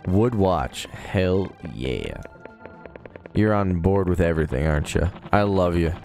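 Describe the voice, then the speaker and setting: A man's voice: deep voice, moderate pace, darkish tone, faint music behind. A young man rambling casually on a live game stream, laid-back and swearing now and then.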